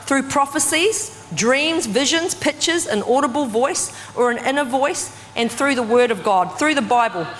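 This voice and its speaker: A woman preaching a sermon in a conversational, animated way, full of casual fillers. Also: high-pitched. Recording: distant voice with long hall reverb.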